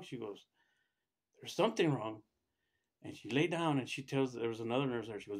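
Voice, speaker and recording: Middle-aged man, plain mid voice, loose first-person storytelling with lots of restarts and animated quotes. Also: a little fast, vocal fry, pauses often, slightly rough. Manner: rambling, acts out quoted voices with raised pitch, many restarts. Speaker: storyteller recounting his own experience.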